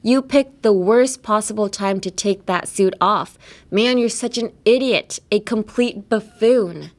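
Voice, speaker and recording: A woman's voice: fairly high pitch, animated, racing, pitched above the performer's own voice. An exasperated teenage girl from an anime scolds someone bossily, as a woman reads her lines aloud for a lesson. The tone is reproachful and fussy, not fully acted. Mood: scolding.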